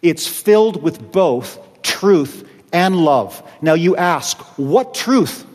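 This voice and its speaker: Male pastor, sermon delivery, acts out quotes, reverberant church hall. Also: high-pitched. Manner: preaching with acted-out quotes.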